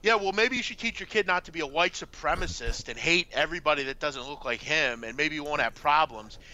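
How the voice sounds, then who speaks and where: Male radio host, lively and sharp, emphatic opinions, lo-fi sound. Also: fairly high pitch, a little fast. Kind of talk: casual sports radio talk.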